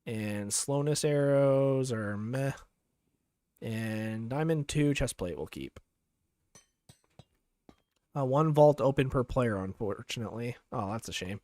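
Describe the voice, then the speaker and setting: A man's voice: medium pitch, takes it slowly, long pauses, warm tone, no room sound. A young man streaming a game, casually telling rambling stories full of fillers. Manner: rambling, filler-heavy, chuckling. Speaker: gaming streamer. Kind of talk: casual storytelling while gaming.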